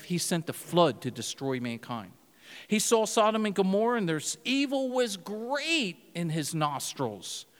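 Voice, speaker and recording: A man delivers an animated sermon, slipping into stories and voices. His voice sits a little high. The sound rings with long reverb from a large hall. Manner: animated storytelling preacher, laughing, mimicking voices. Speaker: pastor.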